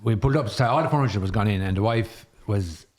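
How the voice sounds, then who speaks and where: A man's voice: fairly low pitch, fast. A middle-aged man with an Irish accent, a podcast guest telling stories in a rambling way that repeats words. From Ireland, Tipperary. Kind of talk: casual storytelling chat.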